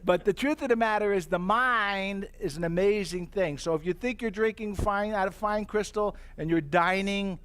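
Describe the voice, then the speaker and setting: A middle-aged man pitching tableware in a live demonstration, his voice sitting a little high for a man. He spins anecdotes and acts out his own reactions with lively energy.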